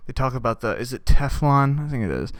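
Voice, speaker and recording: A young man hosting a podcast, delivering an absurd, deadpan comic monologue that he keeps punctuating with "right?". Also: mid-range voice, brisk, no room sound. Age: young adult. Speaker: podcast host.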